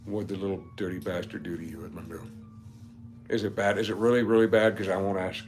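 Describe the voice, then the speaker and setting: This livestream host has a low, darkish voice with little pitch movement, and he talks quickly over soft background music. Chatting casually and reading comments from viewers, he rambles into geeky tangents and laughs often.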